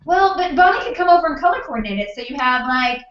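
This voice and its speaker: A woman's voice: sits high, lively intonation, fast, slight background noise. A woman hosting a book club on a video call, chatty and teasing, talking from her home desk. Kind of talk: casual video-call chat. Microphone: computer mic, wrong one at first. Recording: echoey lo-fi webcam call audio.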